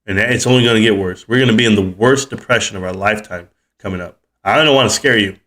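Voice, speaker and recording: A man's voice: fairly low pitch, quick pace, a bit bright. A man in his forties ranting heatedly on his livestream about the economy and stocks, cussing as he goes. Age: 40s. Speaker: livestream host.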